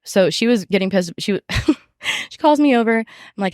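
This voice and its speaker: A young woman casually telling a story from her restaurant job, animated and profane, with lots of fillers. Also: mid-range voice, normal speed, dry recording, studio quality. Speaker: podcast guest.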